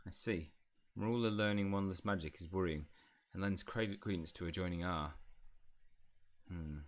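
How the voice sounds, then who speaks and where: A man voicing a teasing older brother wizard in a fantasy game, read aloud in a calm, plain way. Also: deep voice, natural voice.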